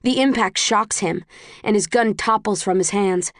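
A woman reads a first-person audiobook in a measured, tense storytelling manner. Her voice sits at an everyday middle pitch, and the recording is dry and close, with no room sound. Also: dry recording. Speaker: audiobook narrator.

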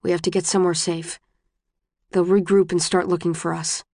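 A woman narrator voices a terse young man in this audiobook, blunt and sharp-edged as he raises his voice. The recording is dry, with no room sound. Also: on the low side, level tone, normal speed, no room sound. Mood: curt. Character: terse, tense young man fleeing danger.

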